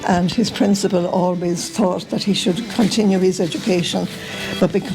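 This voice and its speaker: Older Irish woman with a gravelly voice. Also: on the low side, fairly even intonation, moderate pace, music in the background, poor audio. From Ireland. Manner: meandering, full of uh and um. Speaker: reunion guest telling family stories. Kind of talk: casual storytelling to camera.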